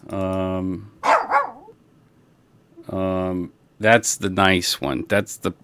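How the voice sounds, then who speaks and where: Slow, relaxed man chatting on a livestream. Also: low voice, noisy background. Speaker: livestream host. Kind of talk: casual livestream chat. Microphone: broadcast console setup.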